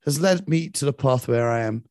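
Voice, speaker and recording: A young man in his late twenties co-hosting a casual sports podcast, eager and animated. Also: mid-range voice, moderate pace, dry recording, clean studio sound. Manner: enthusiastic, animated, leads the conversation. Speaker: podcast co-host.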